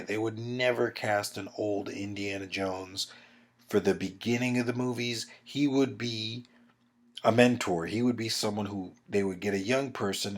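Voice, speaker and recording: A man giving a heated, rambling opinion rant, swearing and acting out quotes. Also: lowish voice. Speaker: video commentator.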